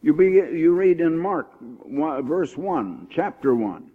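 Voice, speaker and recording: A man's voice: a little high, lively intonation. Preacher man on a tinny old recording. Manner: emphatic, rising on key points, slows for scripture. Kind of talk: sermon.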